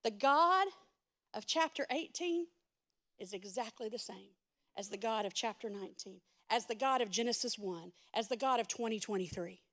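High-voiced woman pastor preaching. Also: lively intonation, normal speed. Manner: swings from loud urgent preaching to soft hushed speech; addresses the congregation directly with asides. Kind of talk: sermon.

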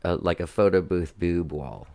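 A man with a fairly low voice hosts a radio show, chatting loosely with his guests. He rambles a little and laughs easily. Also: moderate pace, creaky, darkish tone. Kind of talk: casual interview chat.

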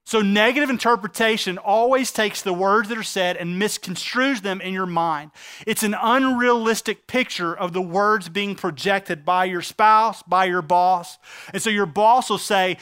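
Male pastor, high bright voice, crisp and clear, earnest sermon delivery with emphatic slow phrases.

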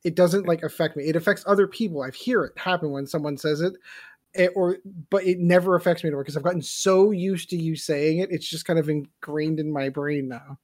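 A podcast co-host chatting casually, animated and quick to laugh. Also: mid-range voice. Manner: animated, quick to laugh, talks over others. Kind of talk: casual chat.

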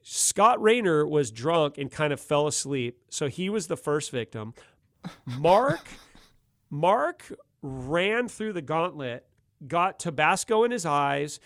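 A middle-aged man tells a rowdy story in loose, slangy talk, laughing as he goes. His pitch sits a touch high and swings widely as he gets into it. The sound is close and dry, with no room around it. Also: slow pace, dry recording. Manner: laughs often, animated, slangy ("dude", "gnarly"). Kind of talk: casual storytelling.

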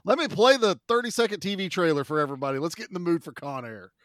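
Brief: male podcast host, slightly high voice, rambling casual delivery, dry close sound. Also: expressive, fast, fairly bright tone, no echo. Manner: rambling, playfully defensive. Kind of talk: casual chat.

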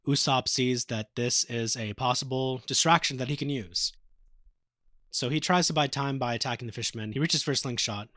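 A man's voice: mid-range voice, a bit bright, no room sound, studio quality. A man co-hosting a podcast, casually retelling anime episodes with a swearing, joking manner. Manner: casual, profane retelling, acting out quotes. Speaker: podcast co-host.

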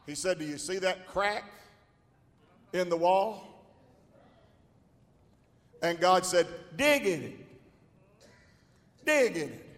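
A male pastor preaching a sermon to a congregation, building from slow, measured lines to shouted, drawn-out exclamations. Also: sits high, expressive. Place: large church hall. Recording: long hall reverb.

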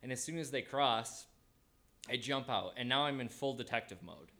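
A man telling a personal story in a casual, animated way, acting out his own thoughts as he goes. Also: medium pitch, normal speed.

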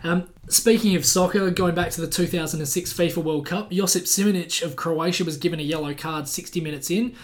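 Animated man, slightly high voice. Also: fairly quick, hardly any pauses. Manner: animated, laughs while telling stories. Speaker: podcast co-host. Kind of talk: casual sports chat.

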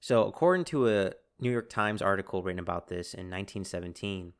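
Low-voiced man telling history. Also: fairly quick. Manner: animated, acts out quoted soldiers in bursts. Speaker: podcast host. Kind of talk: casual history podcast storytelling.

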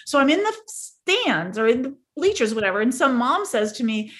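A middle-aged woman, a parenting and team-building coach, speaking as a guest and telling stories in an earnest, animated way. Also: on the high side, moderate pace. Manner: earnest, animated storyteller who acts out dialogue. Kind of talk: storytelling conversation.

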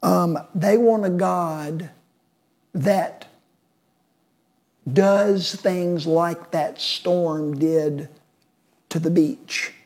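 A woman's voice: fairly low pitch, fairly even intonation, very slow, pauses often, a little mellow. A woman preaching a sermon in an emphatic way, stacking up repeated phrases into building lists.

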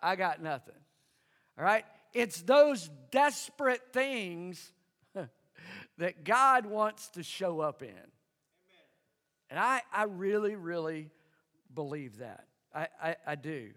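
A man's voice: high voice, animated, takes it slowly, pauses often, fairly bright tone. A man preaching a sermon as pastor, emphatic and calling out for his congregation to answer back. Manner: emphatic, engages congregation with call-and-response. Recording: long hall reverb.

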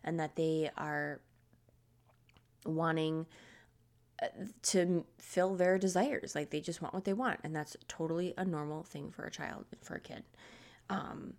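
A woman host talks in a loose, rambling way, with plenty of fillers and frequent laughs. Her voice sits a bit low and has a gravelly fry. Her throat sounds scratchy. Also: measured pace, long pauses, darkish tone. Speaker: podcast host. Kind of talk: casual chat.

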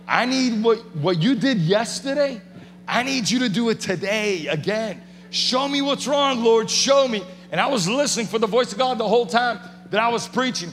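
Man, preacher, high voice, passionate shouting, long reverb. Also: slight background noise. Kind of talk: sermon testimony.

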